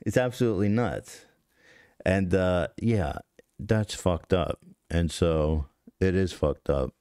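A man's voice: low-pitched, slow pace, mellow, dry recording, clean studio sound. A man in his thirties hosting a podcast, telling a story in a rambling, profane, self-deprecating way with frequent restarts. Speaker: podcast host. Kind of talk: casual storytelling to stream chat.

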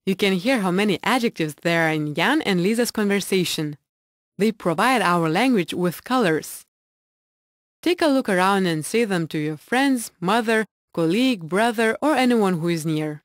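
Female narrator for a language course, calm and clear, dry studio sound. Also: medium pitch, moderate pace, no room sound. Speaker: lesson narrator and translator. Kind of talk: scripted lesson narration.

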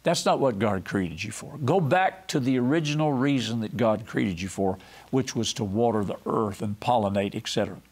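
A man's voice: lowish voice, normal speed, slightly rough. A man preaching a televised sermon, telling folksy stories and acting out quoted voices. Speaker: pastor and TV host.

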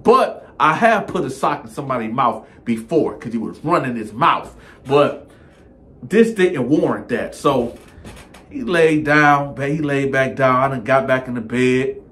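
A man hosting a casual storytime, acting out every part with animated delivery and constant filler words. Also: medium pitch, a little slow. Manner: animated, acts out all parts, repetitive filler 'man'. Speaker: storyteller, channel host.

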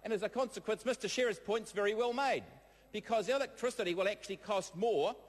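A man with a New Zealand accent giving a parliamentary debate speech, combative and halting, with many fillers, repeated phrases and replies to hecklers. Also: high-pitched. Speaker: member of parliament. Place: debating chamber. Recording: echoey chamber with long reverb.

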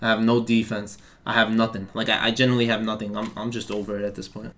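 A young man, commentating his own basketball video game play, swinging between excited yelling and flat, deflated muttering. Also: on the low side, fast. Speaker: gaming YouTuber. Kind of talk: live gameplay commentary.

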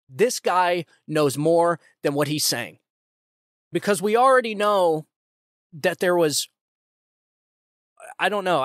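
A man's voice: fairly high pitch, fairly bright tone, no echo. A man hosts his own show and delivers fired-up commentary, circling back over the same points with mounting indignation. His voice is close and dry, with no room sound around it. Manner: indignant, repetitive, addresses listeners as folks. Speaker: podcast host. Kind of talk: heated political commentary.

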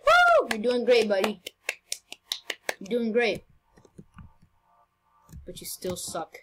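A woman's voice: mid-range voice, slow pace, noisy background. A young woman giving casual, teasing commentary while playing a game, often stumbling over her words. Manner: playful, teasing, stammering restarts. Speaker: gameplay commentator.

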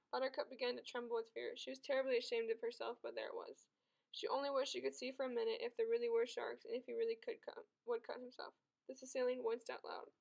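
Creaky-voiced woman reading a novel aloud. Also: fairly high pitch, rough recording. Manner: steady narration with small slips and restarts. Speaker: audiobook reader. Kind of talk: storybook read-aloud.

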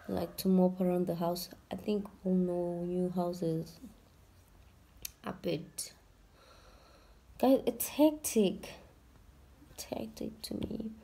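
A young woman vlogging from her bedroom, tired and emotional, talking softly and sometimes dropping to a whisper. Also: lowish voice, breathy edge. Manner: tired, emotional, soft-spoken, drifting to a whisper. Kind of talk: casual vlog talk to camera. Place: bedroom at home.

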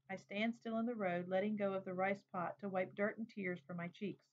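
Woman reading a book out loud, steady and plain, kinda muffled lo-fi audio. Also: mid-range voice, fairly quick, hardly any pauses. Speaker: reader. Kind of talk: reading a memoir aloud. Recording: dull lo-fi recording.

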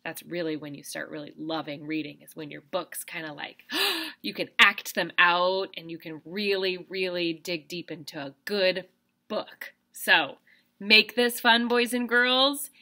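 A woman gives a reading lesson to young children in a bright, ringing voice. She sounds animated and enthusiastic, the way one talks to a kindergarten class. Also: lowish voice, unhurried. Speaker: kindergarten teacher.

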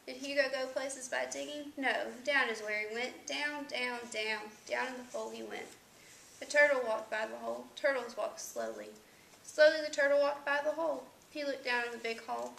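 A woman's voice: a little high, gravelly, fairly bright tone, roomy sound, a little hiss or hum, rough recording. A woman reading a children's picture book aloud with sing-song storytelling emphasis.

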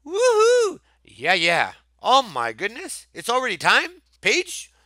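Male math teacher, lively delivery, a bit higher-pitched, dry close sound, thinks aloud and cheers correct answers. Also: a little slow, no room sound. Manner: animated, thinks aloud, exclaims over answers; asks rhetorical questions to viewers. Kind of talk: video math lesson walkthrough.

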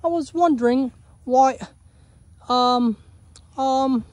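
A man voicing a curious, gentle female cow in a high, hesitant put-on voice. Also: takes it slowly, no echo. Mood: wondering.

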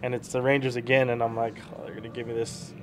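A young man talks at a rapid clip, rambling through baseball stories with easy laughter. His pitch sits in the middle of the male range. He is a prospect chatting with an interviewer. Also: little pitch movement. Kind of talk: casual storytelling interview.

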